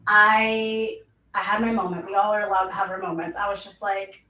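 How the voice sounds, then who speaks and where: A woman's voice: fairly high pitch, flat delivery, normal speed, fairly bright tone, roomy sound, far from the mic, slight background noise, rough recording. A young woman live streaming about self-help, talking casually with lots of "like" fillers. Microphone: mic set in front of her.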